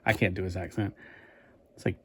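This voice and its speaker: Man, low voice, casual toy review vlog, rambling, chatty. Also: level tone, brisk, a bit bright, slightly rough. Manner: rambling, chatty, thinking aloud.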